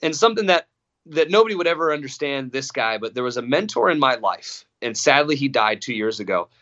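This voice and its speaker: A man's voice: medium pitch, very animated, brisk, a bit bright. A young man telling a personal story in casual podcast talk, swearing often and restarting sentences, with a slightly dull sound. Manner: profane, emphatic, many restarts and repetitions.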